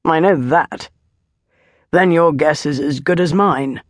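A brisk, curt male tribune, an old soldier of rank, as a woman reading an audiobook puts him on. Dry, close voice. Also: low voice, dry recording.

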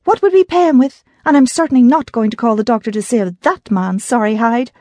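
A woman voicing a fiery young woman defending her farm, sharp and indignant. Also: a little high, fairly quick, no room sound, pitched above the performer's own voice, lightly acted. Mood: furious.

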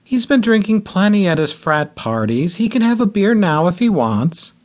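A middle-aged mother who is calm and knowing, with a firm, unarguable tone, pitched higher, as a male narrator puts her on. She sounds like the one in charge of the family. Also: normal speed.

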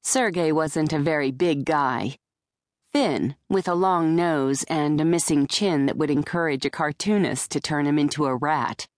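A woman narrating a first-person audiobook in a low, deep voice. Her delivery is dry and wry, tuned to the joke in each line. The recording is close-miked and completely dry. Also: a little slow, dry recording. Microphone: close studio mic.

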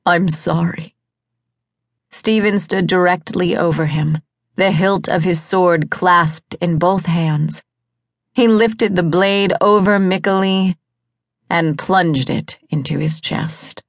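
A woman narrating an audiobook in a measured, dramatic storytelling manner. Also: lowish voice, no echo, studio quality.

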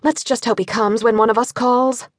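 A woman voicing a calm, firm young mother. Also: a little high, moderate pace, no room sound, clean studio sound, lightly acted. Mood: patient. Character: patient young widowed mother of three.

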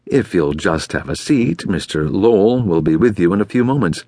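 A man voicing a quick-witted young female receptionist who talks in a cheerful, wisecracking way, in an audiobook. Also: deep voice, expressive, mellow, no room sound, clean studio sound. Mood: wry. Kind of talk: audiobook character voice.

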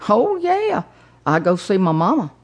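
A woman voicing a polite older male driver with a Texan accent, who talks slowly and haltingly. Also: high voice, wildly swooping pitch, pitched above the performer's own voice, exaggerated voice.

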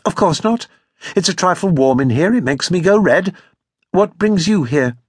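A man voicing a sharp, jealous young woman with a quick, accusing tongue in an audiobook. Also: high voice, lively intonation, breathy edge, dry recording, studio quality, voice pushed up. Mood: tart. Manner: tart and accusing.

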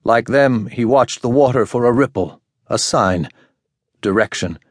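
A man reading a fantasy novel aloud as an audiobook narrator, in a measured, unhurried manner. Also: medium pitch, dry recording, studio quality. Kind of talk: scripted narration.

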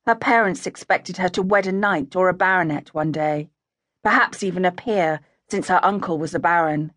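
A woman reading a historical romance audiobook in a smooth, even storytelling manner. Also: lowish voice, no echo. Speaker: audiobook narrator. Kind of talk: scripted narration. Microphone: close studio mic. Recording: dry close-miked studio.

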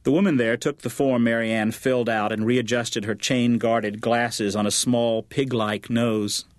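A male audiobook narrator reading fiction in an even, measured manner. His voice sits in a middle pitch on a dry studio recording. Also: dry recording. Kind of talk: scripted narration.

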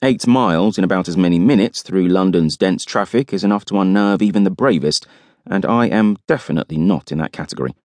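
A man's voice: sits low, brisk, darkish tone, no echo. A man narrating a first-person audiobook with wry, dry humour.

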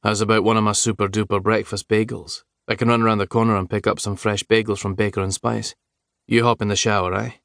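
A man voicing an adult Scottish man with a lazy, teasing manner and a deep drawl, in an audiobook. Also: flat delivery, fast, gravelly, fairly bright tone, no echo, clean studio sound.

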